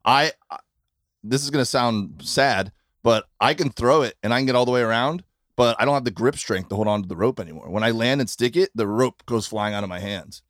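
A man, a comedian guest on a podcast, talking casually on a tour bus and rambling with halting restarts. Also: medium pitch, fairly bright tone, no room sound, clean studio sound. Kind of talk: casual chat.

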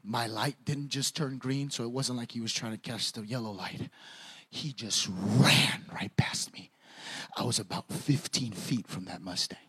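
A young man preaching a sermon, swinging from quiet storytelling to shouted preaching. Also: mid-range voice, fairly even intonation, moderate pace, few pauses, breathy edge.

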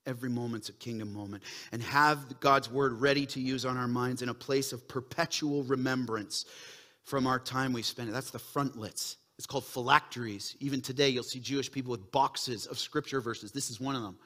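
A middle-aged man preaching a sermon as pastor, swinging from quiet, earnest asides to loud, excited bursts. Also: mid-range voice, moderate pace.

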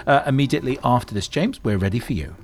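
A man's voice: medium pitch, animated, fast, soft background music. A man hosting a live radio book show, reading out listener messages and cueing his guest. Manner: friendly, reads out listener messages. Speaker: radio host.

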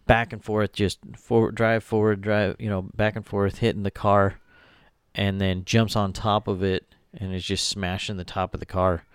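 A man's voice: fairly low pitch, flat delivery, normal speed, clear, resonant tone, no room sound, clean studio sound. A man co-hosting a podcast, reading news stories aloud and joking between them in casual chat. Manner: jokey, reads headlines aloud with asides. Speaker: podcast co-host.

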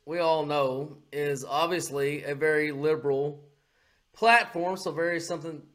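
A man co-hosting a casual podcast, with a voice sitting a little high for a man. He talks bluntly and mockingly, swearing freely as he rants. He is close on a podcast microphone. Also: a little slow, a bit bright. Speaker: podcast co-host. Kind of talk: casual profane podcast chat.

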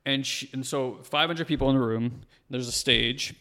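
Gravelly guy talking fast, lots of likes and rights, roomy reverb. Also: medium pitch. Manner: fast-talking, animated storytelling with lots of fillers. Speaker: podcast guest. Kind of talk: casual conversation.

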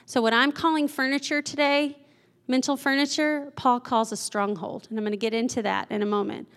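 A woman's voice: fairly high pitch, fairly even intonation, a little fast, fairly bright tone. A woman preaching a sermon in a conversational way, often laughing and asking the audience questions.

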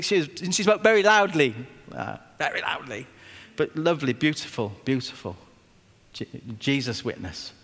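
A man, a pastor preaching a sermon with stories and emphatic repetition, slowing down when he quotes scripture. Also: on the high side, expressive, a bit bright. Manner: anecdotal, emphatic, slows down on scripture. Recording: long reverb of a hall.

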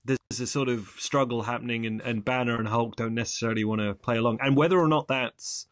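A man's voice: medium pitch, fairly even intonation, quick pace, no echo, studio quality. A young man co-hosting a casual film review chat, rambling and correcting himself with wry asides. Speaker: podcast co-host.

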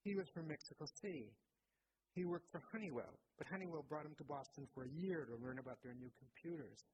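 A man reading aloud as an elderly mother with dementia, answering in a quiet, composed way. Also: fairly high pitch, fairly quick, a little hiss or hum, natural voice, poor audio. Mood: wistful. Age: older.

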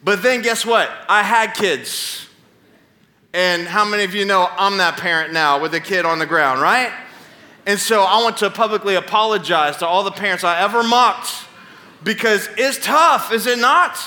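Man preaching, high and bright voice, animated storytelling, playful asides to the crowd. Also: normal speed. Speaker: pastor. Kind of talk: sermon. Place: church stage before a congregation.

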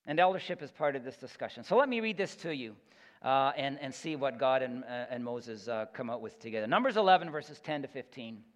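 A man's voice: mid-range voice, expressive, brisk. A man preaching a sermon as pastor, earnest and emphatic, often repeating words as he builds his point. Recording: echoey hall, dull lo-fi sound.

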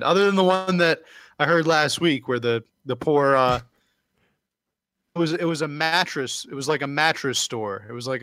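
A man co-hosting a podcast, talking in a halting way with restarts, casual banter. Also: fairly high pitch, bright, forceful tone, no room sound, studio quality. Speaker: podcast co-host.

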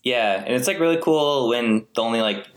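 A man's voice: medium pitch, lively intonation, a little fast. A man co-hosting a podcast, rambling loosely with plenty of "like"s and restarts. His voice carries a roomy echo, as if recorded in an open room. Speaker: podcast co-host. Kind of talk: casual chat.

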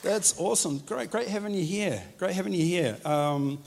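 Joking New pastor, slightly high voice. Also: male voice, moderate pace, vocal fry, background noise. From New Zealand. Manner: chatty and joking, addresses the crowd directly. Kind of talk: sermon. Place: church hall with congregation.

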